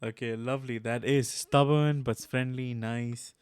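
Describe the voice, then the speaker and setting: Smooth-voiced man hosting a podcast. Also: medium pitch, steady tone, no echo. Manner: laughs often, asks questions slowly and deliberately. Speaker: podcast host. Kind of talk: casual podcast chat.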